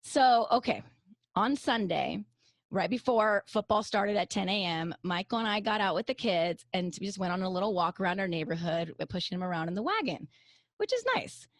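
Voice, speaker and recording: A woman co-hosting a radio show in a studio, telling an embarrassing story in an animated, self-deprecating way. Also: mid-range voice, normal speed, dry recording. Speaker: radio co-host. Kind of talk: casual studio chat, storytelling. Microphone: studio microphone.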